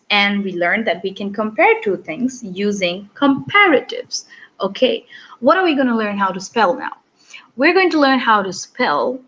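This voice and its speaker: A woman's voice: medium pitch, fairly bright tone, muffled recording. A woman with a Malaysian English accent teaching an online English lesson for children, upbeat and encouraging as she reads out comments.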